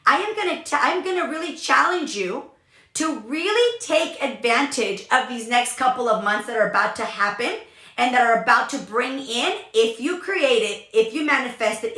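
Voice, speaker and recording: A woman's voice: fairly high pitch, bright, forceful tone, reverberant. A woman hosting a motivational talk, speaking with emphatic energy and repeating phrases for emphasis. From California. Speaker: podcast host, business coach.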